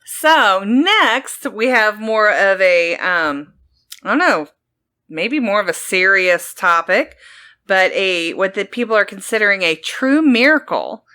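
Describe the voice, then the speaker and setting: A woman co-hosting a podcast, reading news stories in a hesitant, halting way, giggling often. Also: medium pitch, animated, pushed and bright. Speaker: podcast co-host.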